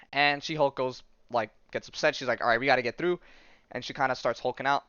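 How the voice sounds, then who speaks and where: A man hosts a podcast and recaps a comic story in a loose, rambling way full of fillers. His voice is smooth and clear at an average pitch. The sound is dry with no room echo but a bit dull, like a modest home mic. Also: fairly even intonation, quick pace, sharp tone. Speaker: podcast host. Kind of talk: casual comic-book recap.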